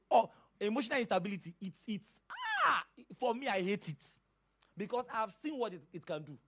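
A man's voice: high voice, fairly bright tone. A male pastor preaching a sermon in an emphatic, dramatic manner, with sudden outbursts.

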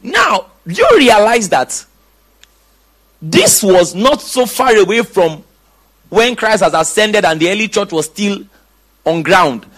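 A man's voice: high voice, sing-song, slow, pauses often, fairly bright tone. A middle-aged man preaching a sermon, reading scripture aloud and asking his congregation questions.

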